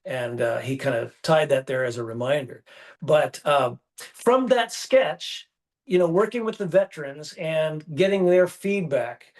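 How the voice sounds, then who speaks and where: A man with a fairly high voice telling stories in a relaxed interview. He acts out quoted dialogue with lively shifts and comes through on a phone or video call. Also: unhurried. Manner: animated storyteller acting out quoted dialogue. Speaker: guest artist. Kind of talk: casual interview storytelling.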